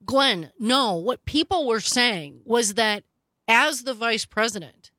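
A woman hosting political talk radio, speaking in a brisk, emphatic, opinionated way into a studio microphone. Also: on the high side, animated, sharp tone, dry recording. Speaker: radio talk show host.

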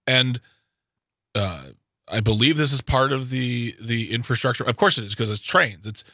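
A man with a bright voice co-hosts a talk radio show, giving his opinions emphatically and often restarting his sentences. The recording is dry and close. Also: mid-range voice, a little slow, pauses often, slightly rough, dry recording.

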